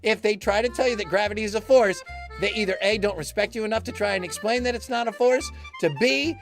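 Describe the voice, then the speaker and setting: A man's voice: high voice, fast, vocal fry, faint music behind. A man hosting a live comedy show, rambling in a mock-pompous way and breaking into song. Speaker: host.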